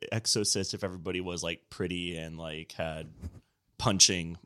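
A man's voice: deep voice, little pitch movement, normal speed, sharp tone. A man on a podcast chatting casually, rambling and laughing often as he explains things. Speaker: podcast co-host. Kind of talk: casual chat.

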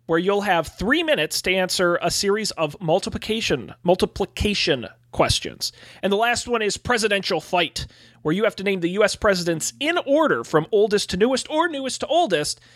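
High lively guy running a tabletop game, says uh a lot, dry close sound. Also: no echo. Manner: chatty, hesitant with "uh" fillers. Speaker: game master.

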